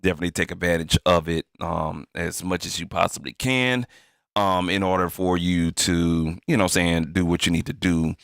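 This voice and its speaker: A man with a very low, gravelly voice talks through studio gear in a relaxed, rambling live-stream demo. He is loose and slangy, speaking close into a studio microphone. The sound is dry and close, with no room around it. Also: normal speed, dry recording. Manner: laid-back, rambling, slangy with filler phrases. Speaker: music producer demonstrating an audio interface. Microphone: studio microphone into the interface.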